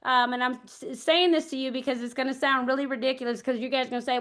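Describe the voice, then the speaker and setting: A woman's voice: high voice, fairly even intonation, fast talker, few pauses, bright, forceful tone. An older woman, an early childhood educator, giving a parent workshop talk, hesitant and thinking aloud as she tells anecdotes.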